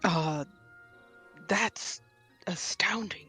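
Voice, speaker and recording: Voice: medium pitch, fairly even intonation, slow, pauses often, fairly bright tone, faint music behind. A player speaking in character in a tabletop game, with formal, apologetic phrasing. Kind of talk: tabletop role-play.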